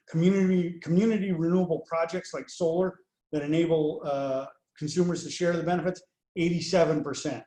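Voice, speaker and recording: A man presenting poll results over slides in a measured way, with many fillers between the figures. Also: on the high side, mellow, roomy sound. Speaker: pollster presenting survey results.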